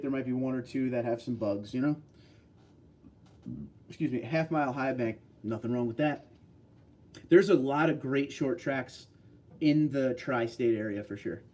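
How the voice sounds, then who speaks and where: A man's voice: mid-range voice, darkish tone. A man from New York hosting a casual livestream, reading out viewer comments and bantering back.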